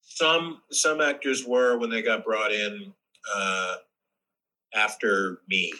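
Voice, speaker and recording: A man guest chatting casually on a podcast, an animated storyteller who restarts his sentences. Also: lowish voice, takes it slowly, low-quality recording. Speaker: actor guest.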